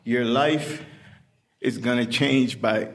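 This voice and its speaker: A middle-aged man speaking at a recovery meeting, giving personal testimony in an unhurried, plain-spoken storytelling way with many pauses. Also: medium pitch, fairly even intonation. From Puerto Rican family background.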